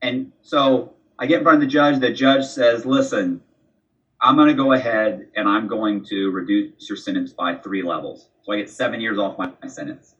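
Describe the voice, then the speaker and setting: A man's voice: fairly low pitch, steady tone, moderate pace, fairly bright tone. A man guest in an interview, casually retelling a story with quoted dialogue and frequent restarts. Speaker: podcast guest. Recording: distant, dull lo-fi sound.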